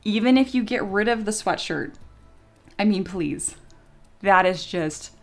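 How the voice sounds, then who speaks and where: A young woman streams from her desk mic, chatting loosely with her viewers. She laughs easily, pokes fun at herself and swears without a second thought. Soft music plays faintly underneath. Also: medium pitch, animated, unhurried. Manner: giggly, self-mocking, swears freely. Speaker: streamer and 3D sculptor. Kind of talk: casual live-stream chat.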